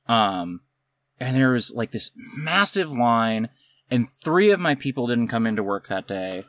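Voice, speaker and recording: A man's voice: medium pitch, unhurried, dry recording. A man co-hosting a casual podcast, telling stories from managing a coffee shop and acting out both sides of the arguments. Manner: animated storyteller who acts out both sides of a dispute. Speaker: podcast co-host. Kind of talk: casual chat, storytelling.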